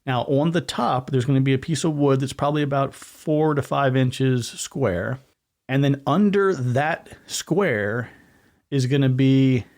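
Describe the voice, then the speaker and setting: Male podcast host, casual solo talk, rambling and self-correcting, middle pitch. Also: a little mellow. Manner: gestures with hands while talking.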